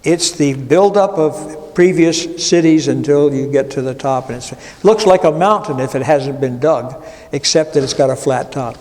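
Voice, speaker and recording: A man's voice: medium pitch, normal speed, a little mellow. A man who is a pastor, teaching an adult Bible class in a conversational, digressive way with wry asides. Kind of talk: informal Bible class lecture. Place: church classroom. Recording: long reverb of a church room.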